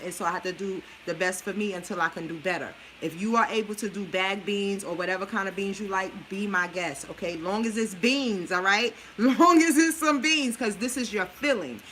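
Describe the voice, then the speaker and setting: Bright-voiced woman coaching viewers while cooking. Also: medium pitch, slight background noise, poor audio. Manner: chatty, coaching, talks straight to viewers. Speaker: busy mom sharing a meal plan. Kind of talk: casual cooking livestream.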